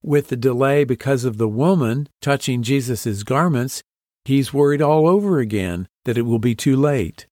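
A man hosts a devotional podcast, teaching reflectively through a Bible story and asking listeners to imagine themselves in the scene. His mid-range voice is animated and a little mellow at normal speed, with dry, studio-quality recording.

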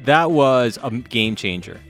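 A man co-hosting a casual podcast chat, joking and animated, often restarting his sentences. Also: mid-range voice, a little slow, soft background music. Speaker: podcast co-host.

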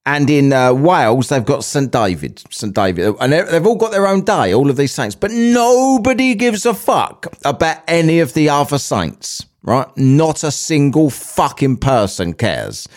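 A man's voice: on the high side, big pitch swings, unhurried, hardly any pauses. Guy doing his podcast solo, chatty and sweary, voice swings up and down a lot. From England. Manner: chatty and sweary, wanders between asides. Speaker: podcast host. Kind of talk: casual solo podcast chat.

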